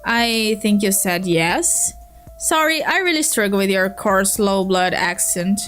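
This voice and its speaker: A woman with a Brazilian Portuguese accent voicing an overly polite, formal male gentleman who talks at length, reading from a webcomic. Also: medium pitch, lively intonation, a little slow, soft background music. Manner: prim, courteous, long-winded.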